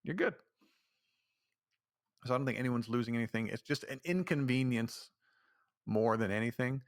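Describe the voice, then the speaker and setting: A man's voice: mid-range voice, normal speed, no echo, clean studio sound. A man hosting a solo podcast, speaking in a rambling, ranting way with many restarts. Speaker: podcast host. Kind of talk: casual solo commentary.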